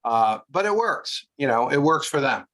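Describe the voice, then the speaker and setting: A man presenting, calmly explaining a video clip to his audience in a relaxed, informal way with frequent "uh" fillers. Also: mid-range voice, normal speed, low-quality recording.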